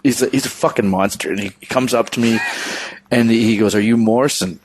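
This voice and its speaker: A man's voice: medium pitch, steady tone, a little fast, noisy background. A man from Ontario hosting a podcast, telling laid-back stories and laughing often. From Ontario, Canada. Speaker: podcast host. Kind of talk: casual podcast chat.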